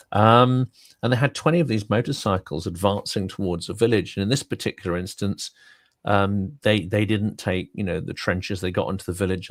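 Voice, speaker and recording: Guy, really deep gravelly voice, dry sound, laid back and wry. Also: no room sound. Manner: relaxed, wry, rambling anecdotes. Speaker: guest commentator. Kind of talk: casual livestream chat.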